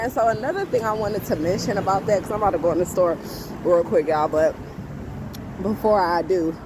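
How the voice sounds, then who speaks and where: A woman's voice: lowish voice, a little fast, background noise. A woman vlogging on a street, giving casual spiritual advice with emphatic repetition and frequent laughter. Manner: emphatic, repeats herself, laughs often. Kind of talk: casual faith talk to camera. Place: outdoors on a street.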